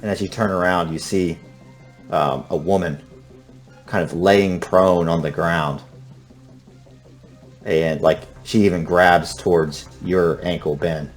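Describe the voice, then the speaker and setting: A man narrating a tabletop horror game as game master, speaking in a hushed, unhurried way with frequent restarts. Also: low-pitched, fairly even intonation, soft background music.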